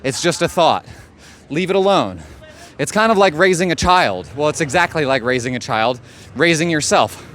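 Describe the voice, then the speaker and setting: A man's voice: a little high, expressive, normal speed, a bit bright. A man giving a blunt, profane motivational monologue as a life coach. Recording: faint street noise behind.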